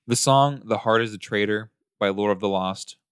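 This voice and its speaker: A man's voice: on the low side, moderate pace, a bit bright, smooth, no room sound, studio quality. A young man co-hosting a podcast in casual chat, hesitant, with many ums and restarts. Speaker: podcast co-host. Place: in person in a shared room.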